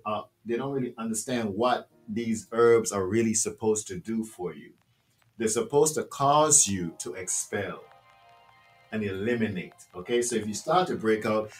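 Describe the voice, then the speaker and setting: Animated, swearing man on a podcast. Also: medium pitch, recorded from a distance. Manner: animated, swearing, rhetorical questions. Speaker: podcast guest. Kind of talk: casual podcast interview.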